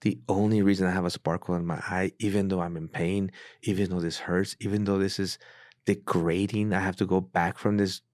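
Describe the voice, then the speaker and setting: Deep-voiced man telling his story. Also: level tone, fairly quick, no echo, studio quality. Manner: earnest storyteller who acts out quoted dialogue in a hushed voice. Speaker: pastor. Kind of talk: casual testimony in a podcast interview.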